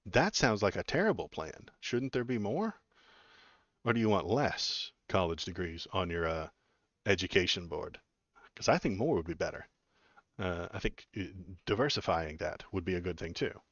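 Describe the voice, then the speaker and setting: A man's voice: deep voice, animated, moderate pace, fairly bright tone, dry recording, muffled recording. A man in his forties from Texas hosting a political livestream, giving casual, blunt commentary on chat messages with lots of fillers and restarts.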